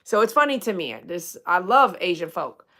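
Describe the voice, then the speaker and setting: Bright-voiced woman chatting on stream. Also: fairly low pitch, sing-song, moderate pace. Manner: rambling, chatty, joking asides to viewers. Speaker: dog groomer hosting a livestream. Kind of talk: casual livestream chat, reading viewer comments.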